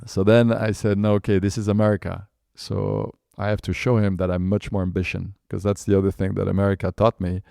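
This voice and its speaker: A man's voice: low voice, flat delivery, brisk, gravelly, hardly any pauses, dark tone, dry recording, clean studio sound. A man in his fifties with a French accent, telling a business story in a chatty way full of fillers. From France. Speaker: guest entrepreneur. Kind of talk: anecdotal storytelling.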